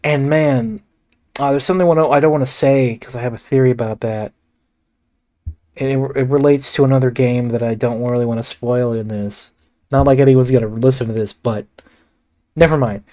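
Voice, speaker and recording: A man's voice: medium pitch, steady tone, moderate pace, darkish tone. A man rambling casually through a film review, swearing often and breaking off into asides. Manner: rambling, profane, frequent restarts and asides.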